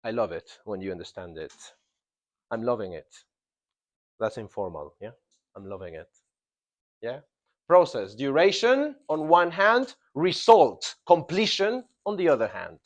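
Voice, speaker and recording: A man leads a classroom grammar lesson, his pitch climbing and dropping with lively emphasis. He drills key words over and over and keeps checking on the class with a quick "yeah?" His voice sits at a middling pitch. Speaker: English teacher.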